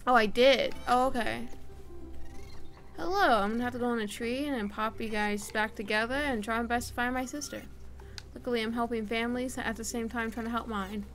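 A woman's voice: fairly high pitch, brisk, fairly bright tone. A young woman streamer chatting and swearing casually as she plays a game and talks to its characters. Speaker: gaming streamer. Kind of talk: casual let's-play commentary. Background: game music.

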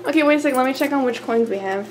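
A woman's voice: high-pitched, racing, noisy background. A young woman chatting and giggling while she films herself exploring a hotel. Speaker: vlogger. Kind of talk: casual handheld vlog chat. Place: indoors in a hotel, hallways and vending area. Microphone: handheld camera.

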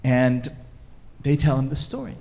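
A man giving a storytelling talk to a live audience at a cultural event, animated and casual, with fillers. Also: mid-range voice, unhurried. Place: event hall stage.

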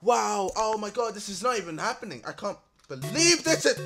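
A young man doing let's-play commentary, exasperated, swearing and shouting at the game. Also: sits high, expressive, fairly quick, over music. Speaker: gamer.

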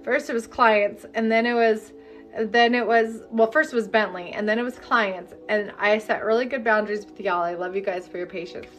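A woman energy healing coach leading a live-streamed session, talking candidly and bluntly, then turning to slow, repeated guided affirmations. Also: medium pitch, fairly even intonation, a bit bright, faint music behind. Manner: candid, chatty and profane, then slow incantatory guidance.

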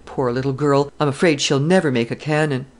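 A woman's voice: rumbling low, steady tone, a little fast, a little mellow. A woman reading the part of a cheerful, chatty young army captain in a classic novel. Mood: breezy. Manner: breezy, chatty.

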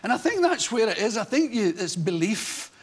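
A Scottish man in his sixties, a talk show guest telling comic stories in an animated way and acting out the voices. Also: sits high, normal speed, husky. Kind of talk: anecdotal storytelling on a chat show.

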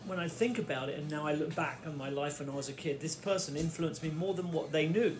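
Faint radio music drifts through the kitchen as a middle-aged vlogger from the Fens, England, spins a rambling childhood tale. His voice is fairly high and he talks fast with few pauses, interrupting himself as he goes.

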